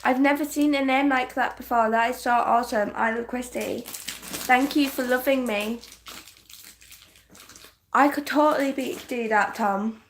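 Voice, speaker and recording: A young woman from northern England with a softened English accent, chatting casually on a livestream, giggly and full of "like" fillers. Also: a little high, measured pace, long pauses, a little hiss or hum. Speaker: livestream host. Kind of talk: casual livestream chat reading comments.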